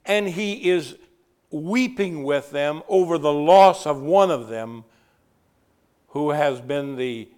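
Dynamic preaching man, loud to hushed. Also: a little high, lively intonation, clean tone. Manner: swings from loud emphatic preaching to soft hushed tones; stretches key words slowly for emphasis. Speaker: pastor. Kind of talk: sermon.

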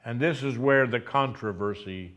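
A man preaching a sermon, speaking slowly and deliberately and repeating key phrases for emphasis. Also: medium pitch, a bit bright.

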